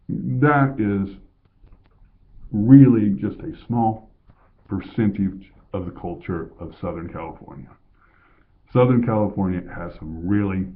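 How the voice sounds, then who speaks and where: Deep-voiced older man, tinny recording. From Colorado, USA. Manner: rambling, conversational, with self-corrections. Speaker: vlogger. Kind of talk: casual monologue. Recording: tinny phone-like sound.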